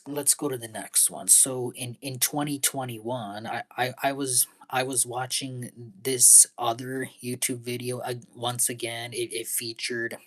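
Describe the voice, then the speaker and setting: A young man talking in a casual vlog monologue, halting and repeating his words, earnest and pleading, often dropping into breathy half-whispers. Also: mid-range voice, a bit bright. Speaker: vlogger.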